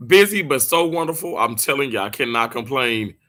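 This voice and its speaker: A man from Mississippi, a little hoarse, chatting casually and playfully with livestream viewers from a hotel room, laughing often and drawing words out. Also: mid-range voice, expressive, brisk, pushed and bright. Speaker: livestream host.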